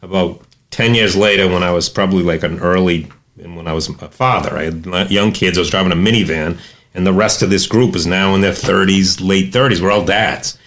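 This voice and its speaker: A man's voice: low-pitched, steady tone, brisk, fairly bright tone. A middle-aged man from New England, co-hosting a podcast, telling a self-deprecating story from his amateur soccer days. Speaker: podcast co-host. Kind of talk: casual storytelling.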